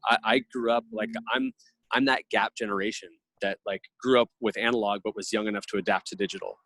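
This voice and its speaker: Thoughtful guy in his 30s, earnest podcast guest, lowish voice, dry close sound. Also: steady tone, fast, a bit bright, no echo, low-quality recording. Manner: earnest, reflective, speaks in long thoughtful runs. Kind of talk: casual conversational interview.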